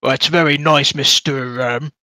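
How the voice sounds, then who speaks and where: A man's voice: mid-range voice, fairly even intonation, normal speed, bright, forceful tone, a little hiss or hum, natural voice. A man voicing a trio of moss-covered male bridge trolls who squabble among themselves. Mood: bickering.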